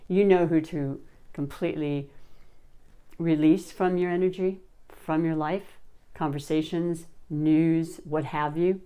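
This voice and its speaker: A woman's voice: deep voice, steady tone, takes it slowly, dark tone, smooth. A middle-aged woman giving a gushing, heartfelt tarot reading, full of restarts and encouragement. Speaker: tarot reader.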